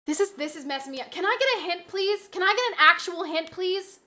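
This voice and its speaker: Woman streamer with a bright, sharp voice; rambling and exasperated, prone to yelling outbursts. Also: extremely high pitch, lively intonation, brisk. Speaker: live streamer. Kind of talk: casual live-stream chat.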